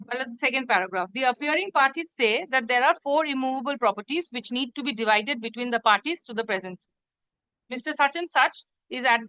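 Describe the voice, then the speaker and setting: A woman's voice: high-pitched, sharp tone, no echo, poor audio. A woman advocate, making a formal, deferential submission to a judge in a courtroom hearing and addressing him as "my lord" again and again. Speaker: advocate arguing before a judge. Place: courtroom hearing, live-streamed.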